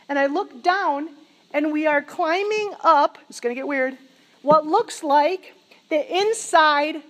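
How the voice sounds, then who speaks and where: A middle-aged woman delivers a sermon in a high, bright voice. She tells her story with animated energy and breaks into laughter along the way. Her delivery feels like an excited testimony shared with a congregation. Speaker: preacher.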